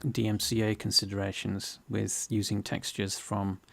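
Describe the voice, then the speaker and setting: Man, low gravelly voice, hesitant, lots of ums, casual software chat. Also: completely flat delivery, normal speed. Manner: hesitant, many ums and restarts. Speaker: 3D tutorial host. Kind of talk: casual screen-share chat.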